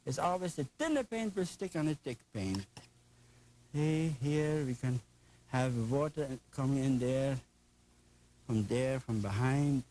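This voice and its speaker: A man's voice: mid-range voice, expressive, measured pace, warm tone, a little hiss or hum, poor audio. An older man with a German accent, teaching a painting lesson in an enthusiastic, folksy, chatty way with playful asides. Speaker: painting instructor.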